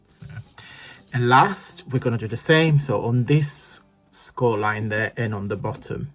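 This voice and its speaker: A man's voice: mid-range voice, a little slow, soft background music. A man hosting a casual crafting tutorial, chatty and self-deprecating as he talks while he works. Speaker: crafting channel host.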